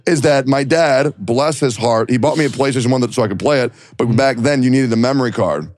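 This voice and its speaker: A young adult man co-hosting a podcast, telling stories in a casual, animated and profane way. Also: mid-range voice, fairly quick, hardly any pauses, dry recording. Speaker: podcast co-host. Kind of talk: casual chat.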